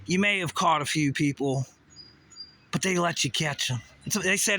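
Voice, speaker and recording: Sharp-voiced man ranting. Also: on the high side, moderate pace, no room sound. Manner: heated, swearing, rhetorical questions. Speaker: vlogger. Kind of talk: profane conspiracy rant to camera.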